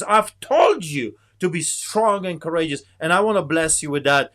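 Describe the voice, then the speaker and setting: A pastor preaching fervently as a guest, with rousing biblical exhortation. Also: male voice, on the high side, animated, moderate pace, few pauses, a bit bright. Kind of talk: preaching to an online audience.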